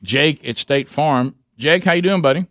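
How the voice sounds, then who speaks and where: A man's voice: fairly high pitch, normal speed, fairly bright tone, no room sound, studio quality. A man hosting a morning talk radio show, taking calls with easygoing, laughing banter. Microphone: studio mic.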